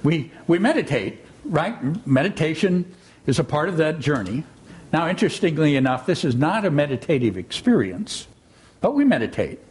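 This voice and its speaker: A man giving a sermon, gentle and reflective as he weaves a storybook reading into his talk. His voice sits slightly high and moves with lively, expressive swings. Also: moderate pace, slightly rough. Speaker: spiritual teacher. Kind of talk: sermon with a read-aloud story.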